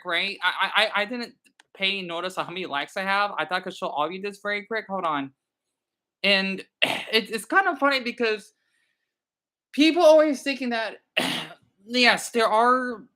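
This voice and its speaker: High, bright-voiced man rambling on stream. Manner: rambling, stammers and repeats words. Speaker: live streamer. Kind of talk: casual live-stream chat.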